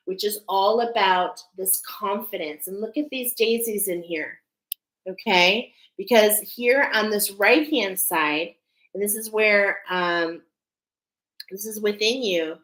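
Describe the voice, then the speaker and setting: A woman's voice: medium pitch, slow pace, fairly bright tone, roomy sound, poor audio. A woman giving a spiritual oracle card reading to her viewers, earnest and emphatic, often checking in with "okay?".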